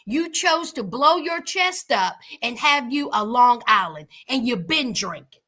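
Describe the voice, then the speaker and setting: A woman's voice: a little high, animated, unhurried, pushed and bright. A woman giving outspoken reaction commentary on a reality show, calling her viewers honey.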